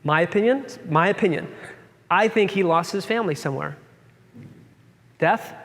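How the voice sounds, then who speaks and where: A man with a notably high voice leads a relaxed Bible discussion, thinking aloud and circling back over his words. He sounds like he is in a space with a long reverb tail. He keeps asking open questions as he works through his ideas. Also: moderate pace. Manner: musing, thinks aloud with many restarts.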